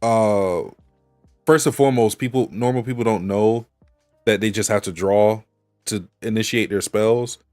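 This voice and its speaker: A man's voice: on the low side, measured pace, a little mellow, no room sound, faint music behind. A man co-hosting a podcast, casually analyzing an anime episode and thinking aloud with restarts. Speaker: podcast co-host.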